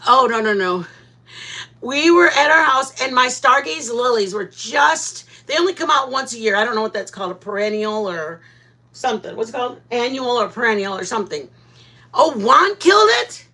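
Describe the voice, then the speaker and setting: A woman hosting a live stream, chatting casually with viewers and telling animated stories, often laughing. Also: on the high side, brisk.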